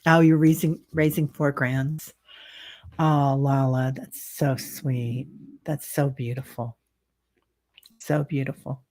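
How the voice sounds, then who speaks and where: A middle-aged woman doing a tarot reading livestream, talking casually and warmly with viewers, rambling, with lots of fillers. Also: rumbling low, little pitch movement. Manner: slow, chatty, rambling with many fillers. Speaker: tarot reader and medium.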